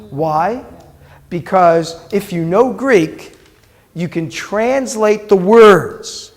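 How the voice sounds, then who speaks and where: A man's voice: on the high side, a little mellow. A middle-aged man, a rabbi, teaching a Hebrew class and patiently repeating words aloud as he quizzes his students. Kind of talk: classroom lecture with questions to students.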